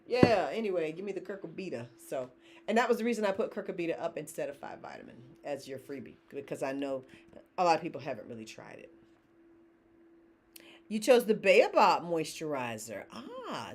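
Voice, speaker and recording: Middle-aged woman, founder hosting a live sale, very expressive, chatty and laughing. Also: sits low, slight background noise. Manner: chatty, laughs often, reads viewer comments aloud. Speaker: company founder hosting live shopping stream. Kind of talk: casual live-stream chat.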